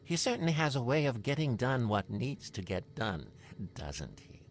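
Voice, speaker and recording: An actor playing a smug, genteel older landlord in a video game, with a refined, pompous drawl. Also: male voice, medium pitch, sing-song, moderate pace. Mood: smug, pleased.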